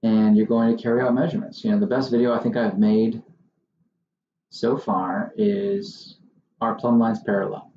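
A man's voice: fairly low pitch, level tone, moderate pace, dark tone, echoey room, dull audio. A man who hosts his own channel as a surveyor, talking casually to the camera in a wry, exasperated way. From Southern Maine. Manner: wry, exasperated, mocking impressions of others.

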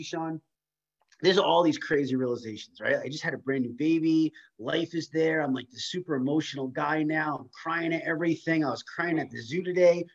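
A man giving a casual, emphatic motivational talk on a community video call, swearing now and then. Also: on the high side. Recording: muffled lo-fi video call audio.

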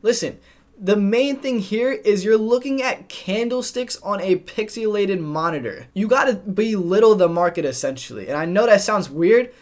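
A young man with a fairly high voice coaches his viewers on trading. He speaks directly and plainly, like a mentor giving advice to camera. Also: moderate pace, hardly any pauses. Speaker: trading educator. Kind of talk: scripted narration.

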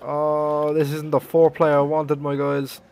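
Excitable, cursing man narrating a horror game. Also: fairly high pitch, unhurried. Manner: excitable, swearing, yelping in fright. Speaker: gaming YouTuber. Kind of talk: let's play commentary. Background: game music.

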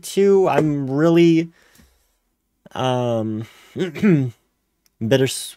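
A man's voice: mid-range voice, darkish tone, dry recording, studio quality. A man streaming casually, rambling through offhand reactions. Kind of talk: casual chat.

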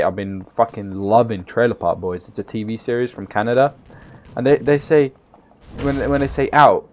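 A tired young man giving casual, rambling gameplay commentary, swearing freely with loud bursts of excitement. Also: mid-range voice. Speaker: gaming YouTuber.

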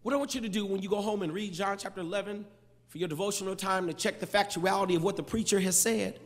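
A male pastor preaching a sermon, building into shouted, sing-song cadences with touches of humor. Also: sits high, quick pace. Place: large church sanctuary. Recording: long church reverb.

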